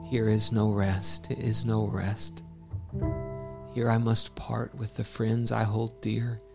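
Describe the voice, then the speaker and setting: A man's voice: fairly low pitch, monotone, creaky, music in the background. A man reading as a grieving miner father half-singing. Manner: slow, subdued half-sung delivery. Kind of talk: dramatic reading.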